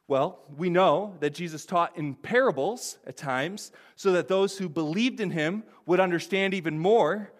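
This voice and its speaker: High-voiced man preaching earnestly. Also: a bit bright. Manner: earnest, conversational preaching with rhetorical questions and frequent restarts. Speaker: pastor. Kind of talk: sermon.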